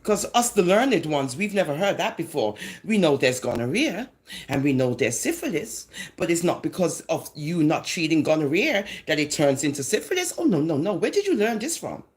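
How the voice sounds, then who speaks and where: A woman's voice: low-pitched, moderate pace. Sarcastic Jamaican woman ranting. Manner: sarcastic, mocking, animated. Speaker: social media commentator. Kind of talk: ranting commentary vlog.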